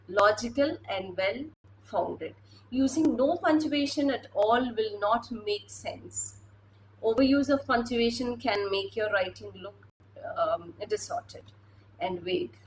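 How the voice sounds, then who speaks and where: A woman's voice: on the high side, slight background noise, rough recording. A woman teacher giving a classroom lecture, hesitant, with many fillers and restarts.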